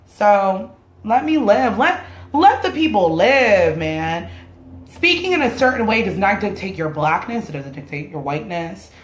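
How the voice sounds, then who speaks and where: A vlogger whose first language is Spanish rants her opinions to the camera bluntly and casually, swearing freely. Her voice is medium-pitched with lively intonation and a moderate pace, and the room sounds roomy and echoey.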